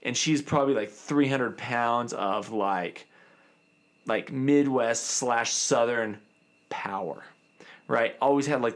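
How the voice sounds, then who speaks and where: A man in his thirties, a dentist, telling a story in a casual, animated way and acting out the other people in it. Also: mid-range voice.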